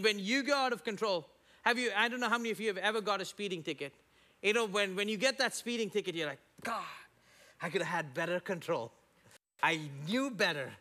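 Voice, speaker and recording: Middle-aged male pastor, high bright voice, chatty sermon delivery with stumbling repeats. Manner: conversational, repeats words, tells personal anecdotes.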